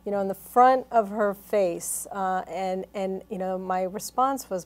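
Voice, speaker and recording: A woman's voice: mid-range voice, measured pace, darkish tone. A woman interviewing a guest, speaking earnestly, telling stories and leaning on fillers and repeated words. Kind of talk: interview conversation.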